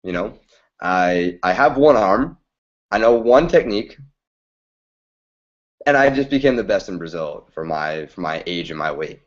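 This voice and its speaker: A man's voice: deep voice, lively intonation, a little slow, pauses often, muffled recording, voice pushed down. A man voicing an eager young boy. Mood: earnest. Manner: pleading, earnest. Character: eager young boy who wants to learn judo.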